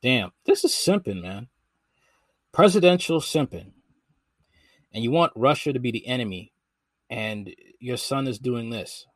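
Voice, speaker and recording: A man's voice: medium pitch, lively intonation, measured pace, pauses often, dry recording, studio quality. A man giving casual reaction commentary, incredulous and slangy in his delivery. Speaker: commentary host.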